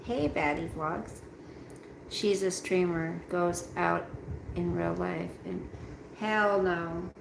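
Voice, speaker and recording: A woman's voice: lowish voice, vocal fry, echoey room, noisy background. A tired woman hosting a casual live chat from home, rambling and greeting viewers by name. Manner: slow, rambling, talks straight to chat by name. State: tired, yawning. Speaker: livestream host reading chat. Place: at home, roomy room.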